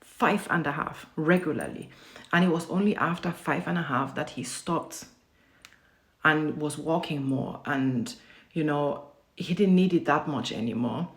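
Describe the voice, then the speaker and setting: Low gravelly-voiced woman ranting bluntly. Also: measured pace. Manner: blunt, profane, emphatic. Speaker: parent vlogger. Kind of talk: casual storytelling rant.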